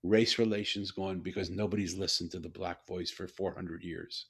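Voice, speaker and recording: An older man, a guest author, telling a story in a conversation, animated and often repeating and restarting his words. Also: low voice, normal speed, husky.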